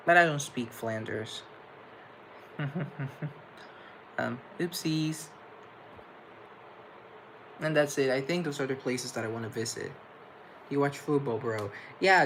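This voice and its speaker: Young male streamer, mid-pitched and a bit gravelly, chatty and campy as he reads out viewer comments. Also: fairly bright tone, slight background noise, low-quality recording. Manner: chatty, playful and campy, with pet names for viewers. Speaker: livestream host. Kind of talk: casual chat reading viewer comments.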